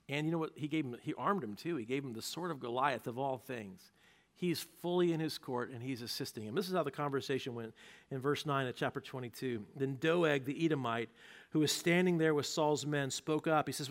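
A male pastor preaching a sermon, retelling a story with animated narration and acted-out quotes. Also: medium pitch, fairly quick.

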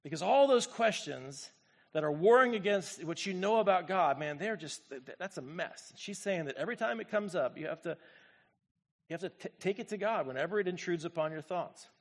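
High-voiced pastor preaching with dramatic swings. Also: male voice, expressive, fairly quick. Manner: swings from quiet, low reflection to loud, high exclamation; speaks to the congregation directly, asks for responses. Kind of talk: sermon.

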